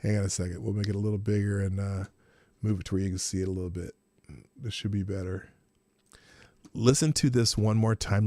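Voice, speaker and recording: A man's voice: fairly low pitch, mellow, dry recording. A man hosting a podcast, giving casual mocking commentary and often breaking into incredulous laughter. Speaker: podcast host.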